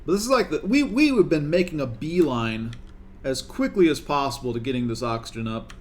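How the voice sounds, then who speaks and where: A man's voice: a little high, expressive, brisk, slight background noise. A young man streaming a colony game, talking to his characters in a coaxing, exasperated way. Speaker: gaming streamer. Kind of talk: live gameplay commentary.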